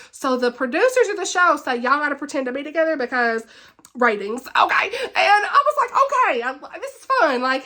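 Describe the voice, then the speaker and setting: A woman with a high, bright voice talks through a casual book wrap-up vlog. She rants with animation, laughs often, and keeps chatting with plenty of "like" and restarts. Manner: chatty, with many fillers and repeats. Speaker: book reviewer, channel host.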